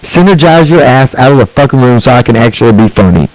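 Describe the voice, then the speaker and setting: A man's voice: mid-range voice, lively intonation, quick pace, a little mellow, no echo, rough recording. A man, ranting through a sarcastic, profane stand-up set. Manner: angry, sarcastic and profane, with mocking put-on quotes. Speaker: stand-up comedian.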